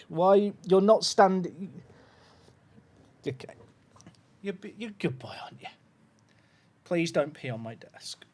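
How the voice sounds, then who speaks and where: A man hosting a casual livestream, sleep-deprived, cooing softly at a puppy and chatting upbeat with viewers. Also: a little high. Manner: coos softly at a puppy, then chats upbeat with his viewers. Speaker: livestream host.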